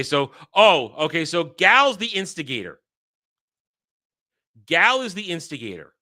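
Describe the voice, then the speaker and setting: Man from New York, bright tone, mock-outraged profane rant, casual streaming chat. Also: fairly high pitch. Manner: profane, mock-indignant ranting. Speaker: streamer reacting to clips. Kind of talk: casual livestream commentary.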